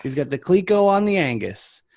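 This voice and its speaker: A man's voice: normal speed, gravelly, no echo. Young man telling shop stories, dry sound. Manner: animated, acts out customers in a higher voice. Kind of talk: casual chat, storytelling.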